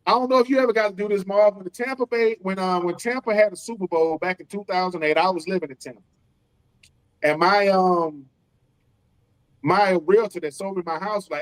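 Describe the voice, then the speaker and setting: A man in his forties, a former football player co-hosting a casual sports podcast, talking in animated, slangy bursts and acting out what other people said. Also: high-pitched, a little fast, rough recording. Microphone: streamed remote call.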